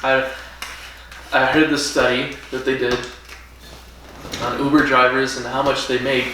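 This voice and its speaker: A man's voice: medium pitch, level tone, a little slow, sharp tone, heavy reverb, distant mic, slight background noise, rough recording. A man co-hosting a casual podcast over drinks, joking and laughing often. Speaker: podcast co-host. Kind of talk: casual chat while drinking.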